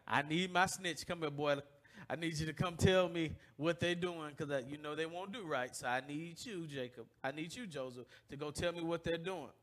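A man voicing the old father Jacob in a sermon, low and confiding as he recruits his son to spy on the others. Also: normal speed, a bit bright, natural voice. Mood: conspiratorial. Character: aging father Jacob, scheming, fretful about his sons.

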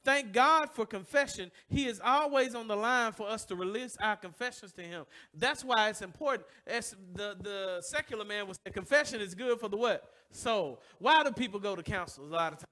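A pastor preaches a sermon, asking the congregation to finish his sentences in call-and-response and building emotion through repetition. His voice is high-pitched, expressive and sharp, fairly quick with few pauses.

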